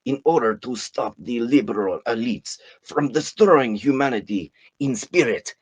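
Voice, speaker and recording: A man's voice: mid-range voice, animated, a little slow, slightly rough, pitched above the performer's own voice, poor audio. A man voicing a grandiose older Russian philosopher in a mock Russian accent, declaiming solemnly.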